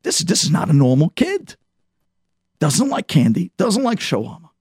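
A man's voice: fairly high pitch, wildly swooping pitch, moderate pace, darkish tone, slightly rough, no room sound, clean studio sound, full character voice. A man voicing a careless, clueless young man babysitting an infant, breezy and dismissive. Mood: fretful.

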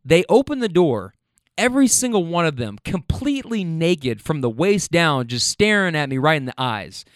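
Riding home in a car, a man tells wild stories from his job serving at a restaurant, animated, blunt and profane, and laughing at his own tales. His voice is fairly high-pitched at a moderate pace. The recording is dry and studio quality.

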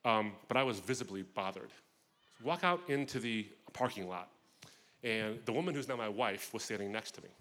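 A man giving a personal testimony talk at a festival, telling his story with expressive, vivid asides. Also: lowish voice, normal speed. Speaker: guest speaker.

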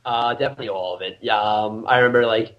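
A young man in his twenties, a podcast guest, chatting casually and telling lively stories full of laughter and shouted quotes. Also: on the low side, quick pace, dull audio. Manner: animated storyteller, laughs often, acts out shouted quotes. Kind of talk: casual chat.

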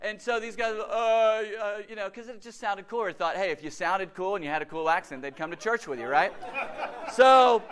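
A man's voice: high-pitched, moderate pace, clean tone. A middle-aged man preaching a sermon, telling stories and acting out quotes. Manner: animated storytelling with acted quotes.

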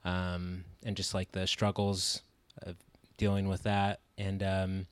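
A laid-back man co-hosting a casual film chat, with a lowish, smooth voice. He hesitates often and leans on fillers. The sound is dry and close-miked. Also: completely flat delivery, slow pace, dry recording.

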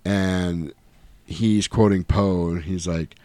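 A man's voice: low voice, fairly even intonation, takes it slowly, a little mellow, no room sound. A man casually retelling a film's plot on a podcast, acting out the characters' lines as he goes. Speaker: podcast host. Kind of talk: casual movie recap chat.

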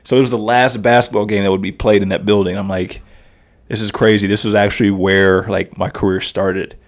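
Laughing, animated man telling stories. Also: lowish voice, brisk. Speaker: podcast guest. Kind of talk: casual storytelling.

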